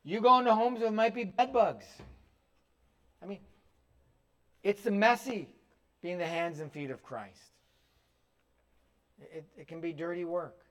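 A man's voice: high-pitched, measured pace, pauses often, a bit bright. A male pastor preaching a sermon, urging his listeners directly and with emphasis. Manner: emphatic, direct exhortation to the congregation.

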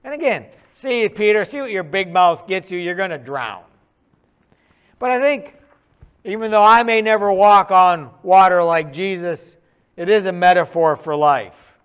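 High, smooth-voiced preacher telling it casually. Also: male voice, unhurried. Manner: conversational, animated storytelling with acted asides. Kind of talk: sermon.

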